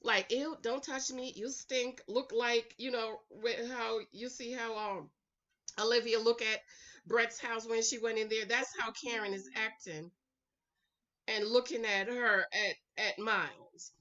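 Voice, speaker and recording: A woman's voice: on the high side, steady tone, unhurried, pushed and bright, lo-fi sound. A woman recording a casual, sassy recap vlog at home, chatting to her viewers and calling them y'all, honey and girl. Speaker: reality TV recap vlogger.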